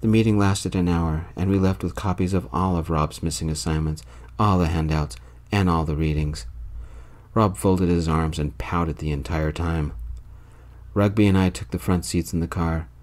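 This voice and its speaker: A calm man narrating a story in a soft-spoken whispered role-play. His voice is very low and gentle, kept hushed and even throughout. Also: moderate pace.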